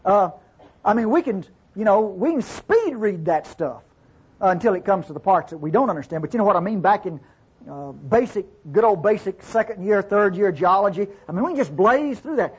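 A husky, fairly high male voice that swings widely as he teaches scripture. He alternates between reading verses aloud and explaining them informally, often turning to his listeners to ask if they follow. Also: expressive, fairly quick. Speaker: Bible teacher. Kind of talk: conversational Bible teaching.

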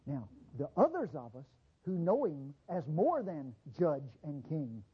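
A man's voice: a little high, wildly swooping pitch, a little slow, breathy edge, lo-fi sound. A male preacher delivering an emphatic, fervent sermon to his congregation.

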